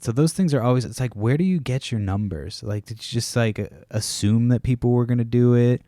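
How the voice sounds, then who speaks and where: A man's voice: medium pitch, fairly quick, warm tone, no echo, studio quality. A man hosting a casual solo podcast from home, rambling, swearing often and stopping mid-sentence to restart. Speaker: podcast host. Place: home, kids nearby.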